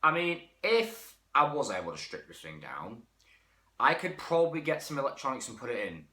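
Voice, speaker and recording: A man's voice: medium pitch, sing-song, normal speed, bright, forceful tone. A man giving a casual, rambling toy review, often correcting himself mid-sentence. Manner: chatty, self-correcting, frank. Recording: echoey room.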